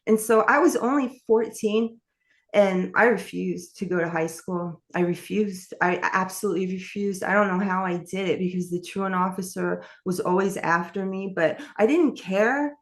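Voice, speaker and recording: A woman's voice: mid-range voice, normal speed. A woman telling her life story in an interview, candid and rambling, with many fillers and restarts. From New York. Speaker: author and interview guest.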